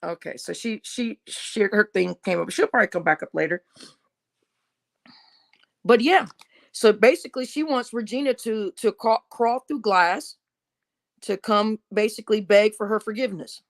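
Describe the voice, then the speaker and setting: A woman's voice: medium pitch, normal speed, vocal fry. A woman hosting a casual commentary chat, agreeing with her guest and recapping what others have said. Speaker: host.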